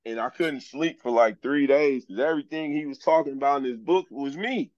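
Speaking a little fast in a mid-range voice, a journeyman lineman shares his life story as a podcast guest, relaxed and candid, with frequent uses of "man." The recording has no echo and sounds dull, and the setting is a casual storytelling interview.

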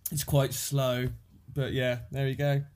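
A man's voice: mid-range voice, flat delivery, a little slow, darkish tone, smooth. A man from Birmingham with a Brummie accent, chatting casually and laughing often, self-deprecating. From Birmingham, England. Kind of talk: casual chat.

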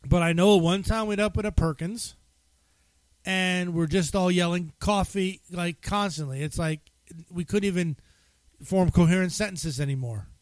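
High-voiced, teasing male podcast co-host. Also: normal speed, no echo. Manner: laughing, teasing storyteller. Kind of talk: casual chat.

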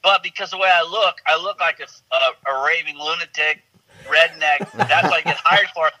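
A man, an actor guest, telling animated, rambling stories in casual chat with frequent restarts. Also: on the high side, normal speed, poor audio.

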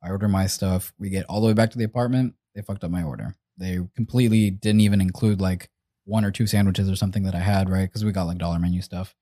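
A man talks quickly in a low, mellow voice as he tells a long story to his friends. He is animated and swears freely, and the sound is dry and close. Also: no room sound. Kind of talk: casual chat.

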